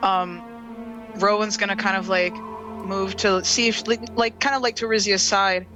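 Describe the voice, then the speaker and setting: A woman's voice: mid-range voice, steady tone, normal speed, over music, low-quality recording. A woman describing her character's actions in a tabletop role-playing game, chatty and hesitant with many fillers. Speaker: player.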